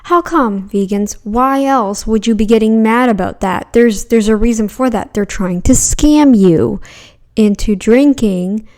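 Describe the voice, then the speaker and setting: A woman's voice: on the high side, a little slow, a little mellow. A woman hosting a reaction commentary, blunt and argumentative, often mocking the people she reacts to. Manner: puts on mocking voices when quoting others. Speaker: commentary channel host.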